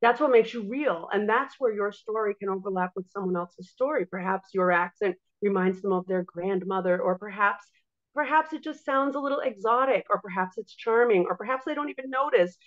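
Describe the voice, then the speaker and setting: A woman guest in a casual interview, telling stories in a lively way and acting out what others say. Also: mid-range voice, fairly quick. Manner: animated storyteller, acts out quotes. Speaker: guest, music teacher and entrepreneur. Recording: dull lo-fi audio.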